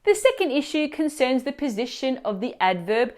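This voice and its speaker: A woman teacher explaining grammar mistakes in clear, instructive scripted narration, asking the viewer questions. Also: high-pitched, sing-song, normal speed, a little mellow. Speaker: language teacher.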